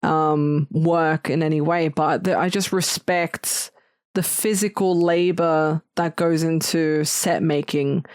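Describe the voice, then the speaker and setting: A woman's voice: low-pitched, steady tone, takes it slowly, darkish tone, no echo, clean studio sound. A woman co-hosting a podcast, talking about films in an earnest, enthusiastic casual chat. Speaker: podcast co-host.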